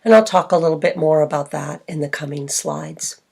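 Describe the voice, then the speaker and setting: A woman with a low, gravelly voice presents a literacy lesson. She speaks in a clear, instructional way and slows down to model example words. She sounds like a seasoned consultant walking teachers through slides. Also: fairly even intonation, noisy background.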